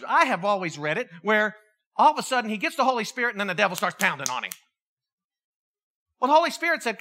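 A middle-aged preacher giving a sermon as an animated storyteller who acts out quoted voices and adds jokey asides. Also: mid-range voice, quick pace, long pauses.

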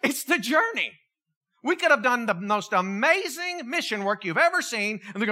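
A middle-aged preacher giving a sermon as an animated storyteller who acts out quoted voices and adds jokey asides. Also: medium pitch, moderate pace.

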